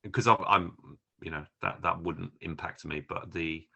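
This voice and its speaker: A man's voice: low-pitched, steady tone, measured pace, creaky, sharp tone, dull audio. A man co-hosting a film podcast, chatting casually and rambling with many restarts. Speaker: podcast co-host. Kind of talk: casual film review chat.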